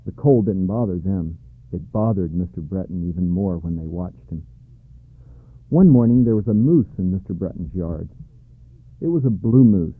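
Male storybook narrator, calm and measured, lowish voice, dry thin phone-like sound. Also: no echo. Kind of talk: storybook reading. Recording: dry tinny narrow-band sound.

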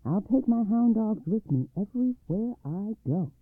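A man's voice: sits high, lively intonation, normal speed, slightly rough, dry recording, voice pushed up. A man voicing a nervous but bold young boy, raising his voice for the part. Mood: anxious. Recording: dry tinny phone-like line.

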